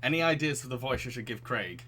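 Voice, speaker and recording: A man's voice: medium pitch, lively intonation, fast, pushed and bright, slightly rough. A man from England streaming a dating game, giggling and reading the story aloud. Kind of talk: let's play commentary.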